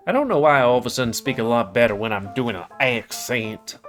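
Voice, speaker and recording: A man's voice: mid-range voice, expressive, brisk, hardly any pauses, a bit bright, faint music behind. Rambling man commenting on a game. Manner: rambling, hedging with "like". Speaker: gaming channel host. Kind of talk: let's-play commentary.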